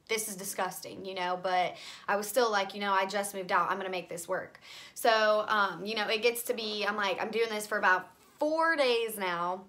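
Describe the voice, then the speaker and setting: Young woman vlogger, bright voice, casual rambling storyteller with heavy filler words. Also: medium pitch. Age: young adult. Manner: rambling, filler-heavy, frequent "like" and "you know". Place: home bedroom.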